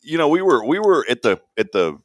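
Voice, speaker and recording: A middle-aged man co-hosting a morning show, telling stories in a lively way and laughing often. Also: medium pitch, brisk, no echo, clean studio sound. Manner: animated storyteller, laughs often. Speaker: radio show co-host. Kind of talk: casual chat.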